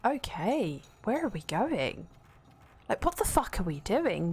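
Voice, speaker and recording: A woman's voice: mid-range voice, sing-song, measured pace, a little mellow, a little hiss or hum. A young woman streaming a video game, chatting casually, swearing freely and reading out her chat.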